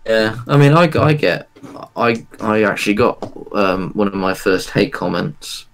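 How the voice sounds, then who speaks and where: A man's voice: on the low side, expressive, unhurried, a little hiss or hum. A man chatting casually on his stream, sarcastic and laughing often.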